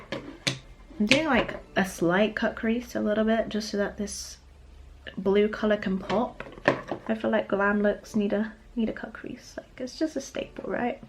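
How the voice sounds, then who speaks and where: British woman, twenties, casual makeup-tutorial chatter, frequent laughs, mid pitch. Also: steady tone, measured pace, noisy background. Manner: chatty, laughs often, talks while applying makeup. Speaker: beauty vlogger. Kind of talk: get-ready-with-me makeup chat.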